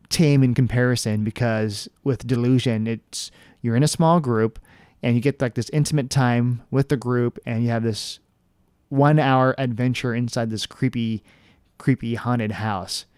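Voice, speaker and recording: Casual, smooth-voiced young man. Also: mid-range voice, no room sound, clean studio sound. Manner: relaxed, many fillers and restarts. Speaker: vlogger reviewing attractions. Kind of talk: casual review talk.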